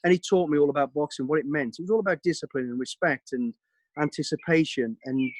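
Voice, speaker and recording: A man from Birmingham with a Brummie accent, giving an energetic, plain-spoken talk to cadets over a video call. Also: a little high, fast, no room sound. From Birmingham, England. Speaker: guest speaker.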